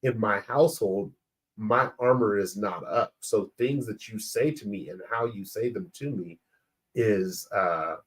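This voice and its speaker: A married man in a casual group discussion, animated and acting out remembered exchanges with his wife. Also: fairly low pitch, measured pace. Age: adult, married. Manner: animated, acts out quoted exchanges. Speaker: men's circle participant.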